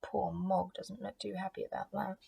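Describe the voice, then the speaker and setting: Gentle, husky woman reading a storybook. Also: medium pitch, moderate pace. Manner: expressive, gentle, chatty asides to children. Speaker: primary school teacher reading aloud.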